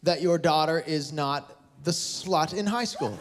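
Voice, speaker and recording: On a casino resort theatre stage, a man performs stand-up comedy and playfully teases audience members. His voice is a little high and a little slow, and the live recording carries crowd noise and audience laughter.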